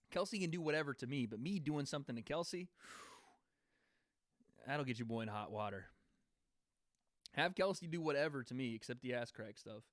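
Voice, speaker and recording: A young man with a mid-range, fairly bright voice hosts a casual livestream, recorded cleanly in a studio with no echo. He laughs and banters with chat before giving fight predictions.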